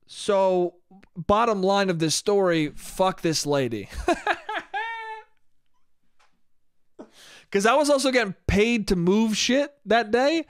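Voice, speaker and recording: A man's voice: sits high, unhurried, smooth. A man hosting a solo podcast, telling a story in a profane, exasperated way. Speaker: podcast host. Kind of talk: casual solo podcast monologue. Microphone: podcast microphone.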